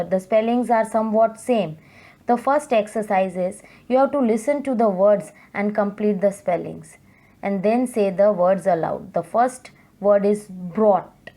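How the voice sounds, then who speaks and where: A woman teacher walks students through an exercise. She speaks at a slow, deliberate pace in a mid-pitched voice, addressing them patiently. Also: warm tone. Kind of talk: recorded online English lesson.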